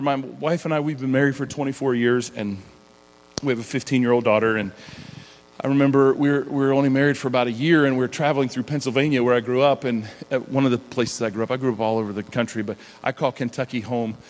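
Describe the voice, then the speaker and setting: A middle-aged man preaching a conversational sermon, animated and chatty, often laughing between sentences. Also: medium pitch, a little fast. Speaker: pastor. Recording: long hall reverb.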